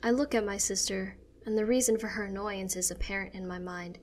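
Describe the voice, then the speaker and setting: A woman reading a story aloud in first person with a steady, expressive delivery. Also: mid-range voice, brisk. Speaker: story narrator.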